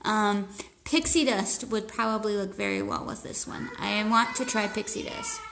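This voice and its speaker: Streaming live from indoors at home on her phone camera, a woman who sells nail polish chats her way through a casual nail tutorial. Her medium-pitched voice is creaky and fairly bright, with lively intonation at normal speed, and the audio is rough. She gets sidetracked easily, turning to kids and pets.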